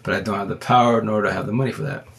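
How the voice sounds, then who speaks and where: A low-pitched man with a gravelly, creaky edge talks straight into his phone during a livestream. He rambles in a loose, slangy way, and his words come out fast. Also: fairly even intonation. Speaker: livestream host. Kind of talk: casual livestream monologue.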